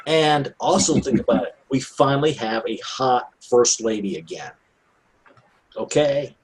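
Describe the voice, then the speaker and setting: A man's voice: medium pitch, expressive, measured pace. Man, podcast co-host, casual chat, teasing asides, faint hiss behind.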